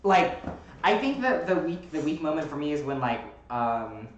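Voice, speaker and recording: A man's voice: fairly high pitch, normal speed, dull audio, a little hiss or hum. Chatty man hosting in an echoey room. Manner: animated, rambling with fillers. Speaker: host. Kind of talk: casual chat.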